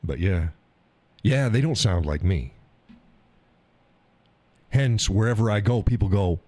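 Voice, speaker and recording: Man, stream host, casual rambling chat, frequent chuckles, deep voice, dry sound. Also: expressive, takes it slowly, pauses often, dark tone, no room sound. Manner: rambling, chuckles often, repeats himself. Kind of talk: casual chat reading viewer comments.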